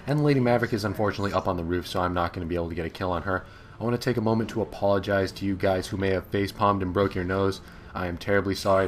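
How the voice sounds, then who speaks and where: Sarcastic, amused young man's gameplay commentary. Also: sits low. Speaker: gaming commentator. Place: home office.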